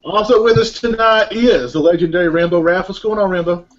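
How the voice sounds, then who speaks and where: A man's voice: high-pitched, fairly quick, muffled recording. A man acting as moderator of a casual group film commentary, introducing each guest and laughing often.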